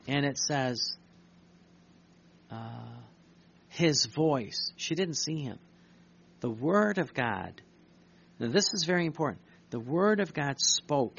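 A man's voice: a little high, fairly bright tone, slightly rough. A man preaching urgently, reading devotional writings aloud and breaking off to comment, repeating his points for emphasis. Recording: dull lo-fi recording.

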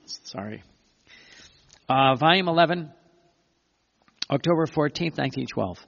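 Male preacher with a raised, gravelly voice, delivering an emphatic sermon in a long-echoing hall. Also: fairly high pitch, expressive, a bit bright. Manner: emphatic, with frequent pauses and self-corrections. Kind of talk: sermon reading and commenting on religious writings. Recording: dull lo-fi recording with long hall reverb.

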